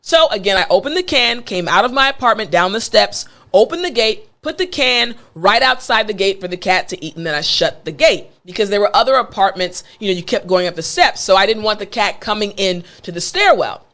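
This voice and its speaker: A woman's voice: mid-range voice, animated, a little fast, hardly any pauses, fairly bright tone. A woman with an American accent, an English teacher telling a story in a playful, conversational way. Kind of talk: storytelling lesson.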